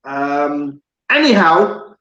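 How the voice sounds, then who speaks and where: A man's voice: a little high, big pitch swings, very slow, fairly bright tone, roomy sound, muffled recording. A man hosting a live radio talk show, chatty and jokey, often repeating his words.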